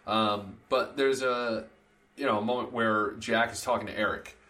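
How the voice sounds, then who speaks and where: A man's voice: fairly low pitch, steady tone, normal speed, sharp tone. A man co-hosting a film review podcast in casual chat, thinking aloud with restarts. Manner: hesitant, lots of restarts. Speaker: podcast host.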